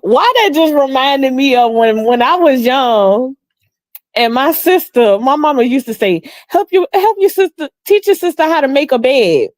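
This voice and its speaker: A middle-aged woman, speaking at normal speed with no room sound and studio quality, hosts a casual storytelling livestream. Between reading comments and telling family stories, she laughs often, stays animated, and acts out quotes in a high voice.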